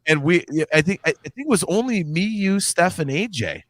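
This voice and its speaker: A man's voice: high-pitched, expressive, normal speed, dry recording. A man co-hosting a podcast, telling stories in a casual, profane chat. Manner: profane, storytelling. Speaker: podcast co-host.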